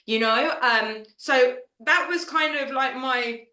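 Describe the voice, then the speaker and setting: A woman's voice: high voice, moderate pace, few pauses, pushed and bright, echoey room. A woman founder telling a personal story in a casual fireside chat, chatty and emotional, with lots of fillers. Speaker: founder of an assistant network, fireside chat guest.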